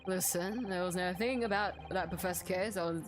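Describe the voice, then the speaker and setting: A woman voicing a gruff middle-aged male prison warder in a put-on Scottish accent, reading aloud haltingly with fumbles. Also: fairly low pitch, music in the background, lightly acted. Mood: defensive.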